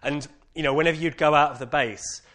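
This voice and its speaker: Fast-talking British man telling his story. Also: fairly high pitch. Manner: candid, animated storytelling with many "like" fillers. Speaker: speaker sharing a personal testimony. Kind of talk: personal testimony to an audience.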